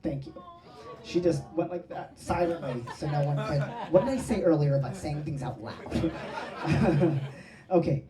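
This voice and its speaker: A woman's voice: low voice, unhurried, crowd noise. A woman hosting a live comedy show, chatty and giggling as she introduces the next act. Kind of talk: casual stage introduction. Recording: echoey, distant mic in a live room.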